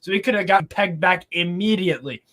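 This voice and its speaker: A man talking casually about football as a fan on a panel, animated and repeating words as he goes. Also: high-pitched, quick pace.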